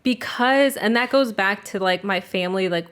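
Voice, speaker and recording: A young woman speaking at a middle pitch, chatting casually as a podcast co-host. Her talk is loose and profane, with 'like' in almost every breath. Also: moderate pace, a bit bright, clear, resonant tone. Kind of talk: casual storytelling chat.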